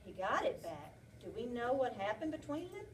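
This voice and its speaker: A kindergarten teacher reading a picture book aloud to young children, asking them lots of animated, coaxing questions in a classroom. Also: female voice, a little high, moderate pace, distant mic.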